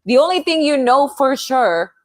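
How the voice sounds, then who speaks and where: A young adult woman co-hosting a casual livestream, telling stories bluntly and quickly. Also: high voice, animated, no room sound, clean studio sound.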